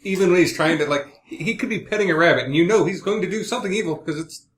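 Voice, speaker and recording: A man's voice: high voice, rapid-fire, a bit bright. A man playing in a tabletop game, chatting enthusiastically with stammering starts. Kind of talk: casual podcast chat. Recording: echoey room.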